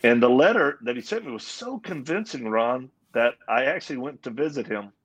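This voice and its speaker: A man's voice: medium pitch, animated, a little fast, husky. A man giving his personal testimony as an interview guest, earnest and acting out the voices in his story. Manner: earnest storyteller, acts out quoted dialogue. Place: live event at a Christian coffee house.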